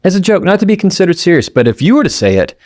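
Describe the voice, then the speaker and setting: A man hosts his own podcast with a high, very animated voice and a darkish tone, recorded at studio quality with no room sound. He speaks straight to the listener in an emphatic motivational talk, firing off rhetorical questions and acting out quoted people in quick asides.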